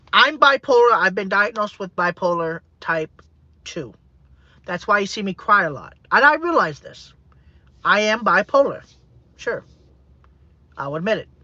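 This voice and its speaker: A man's voice: high voice, bright, forceful tone, no echo, lo-fi sound. A man talking in a personal vlog monologue, rambling and repeating himself. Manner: rambling and repetitive.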